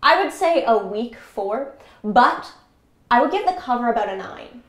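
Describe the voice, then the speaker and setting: A young adult woman co-hosting a casual album review chat, talking in a chatty, animated way full of "like". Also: fairly high pitch, measured pace. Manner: chatty, animated, lots of like and quoted inner thoughts. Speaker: podcast co-host. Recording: echoey room.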